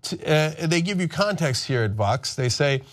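A man's voice: a little high, expressive, moderate pace. A man hosting political commentary, ranting sarcastically and mocking others in put-on voices.

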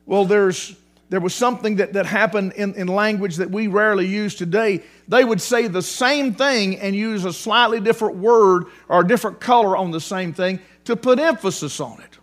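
A male pastor delivers a sermon with a notably high voice for a man. He talks in an animated way, doubling back over words and stacking terms for emphasis. It is recorded in a church. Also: moderate pace. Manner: animated, repeats words for emphasis, restarts often. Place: church sanctuary.

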